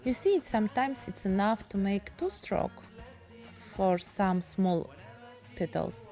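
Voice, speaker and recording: Female art teacher, Russian accent, unhurried chatty delivery in broken English, soft music underneath. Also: medium pitch, sing-song. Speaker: painting teacher. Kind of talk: casual painting tutorial.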